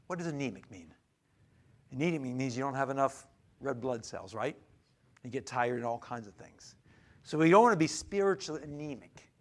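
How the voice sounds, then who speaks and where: A male pastor preaching a sermon in church. He swings from loud emphasis to near-whispered asides and often stammers and restarts. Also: a little high.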